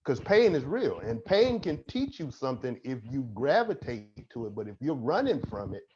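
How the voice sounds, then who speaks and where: A man's voice: medium pitch, big pitch swings, moderate pace, a little mellow. A man speaking as a counselor on a panel, emphatic with a repetitive, preacher-like cadence. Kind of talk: panel discussion. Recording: dull lo-fi audio with faint noise.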